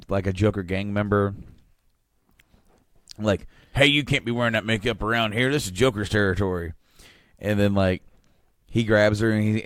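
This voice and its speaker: A man co-hosting a podcast, talking casually with a halting, laid-back manner. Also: fairly low pitch, a little mellow, no room sound, clean studio sound. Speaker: podcast co-host. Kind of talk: casual comic book chat.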